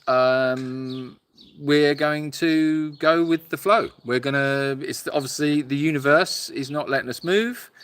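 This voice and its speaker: A tired man talks outdoors into a phone held up for a live stream, with a bright, forceful voice. He rambles along, stalling on fillers and repeats as he answers viewers from the sanctuary. Animals and birds can be heard faintly behind him. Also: mid-range voice, clear, resonant tone. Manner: rambling, halting with many fillers. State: tired and hot. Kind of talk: casual live-stream chat reading viewer comments.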